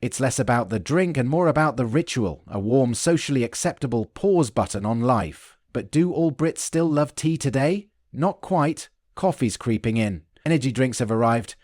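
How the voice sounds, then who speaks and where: British male narrator, mid pitch, dry sarcastic wit, scripted explainer read, no room sound. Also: dry recording. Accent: British English. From United Kingdom. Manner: dry, wry, deadpan wit.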